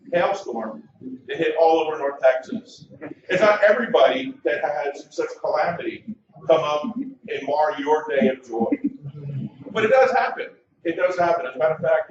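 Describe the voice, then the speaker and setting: A high, animated man in his forties doing a stand-up set, hesitating and restarting as he tells stories. He is heard from far back in a very echoey club. The sound is muffled, with faint noise behind him. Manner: storytelling with nervous hesitations, leads crowd chants. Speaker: comedian. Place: comedy club stage.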